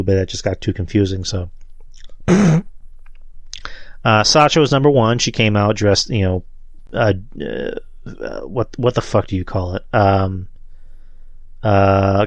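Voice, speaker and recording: A man's voice: fairly low pitch, dry recording. A man hosting a wrestling podcast, reviewing matches in a loose, rambling way and swearing freely. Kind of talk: casual solo show review.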